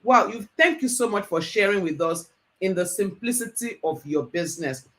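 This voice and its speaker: A woman's voice: mid-range voice, lively intonation, normal speed. A woman hosting a business talk show, emphatic and enthusiastic. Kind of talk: interview hosting.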